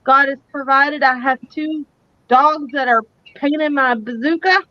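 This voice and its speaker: A woman's voice: high-pitched, unhurried, no room sound, highs cut off. A woman co-hosting a live psychic talk show, speaking earnestly and emphatically, repeating her key points. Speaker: psychic co-host.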